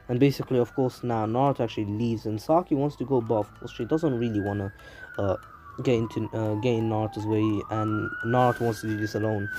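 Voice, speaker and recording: A man's voice: on the low side, steady tone, a little fast, mellow, soft background music. A young man with a London accent, casually recapping a story at home, rambling with lots of fillers and restarts. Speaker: YouTube anime channel host. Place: home in a city, traffic sirens outside.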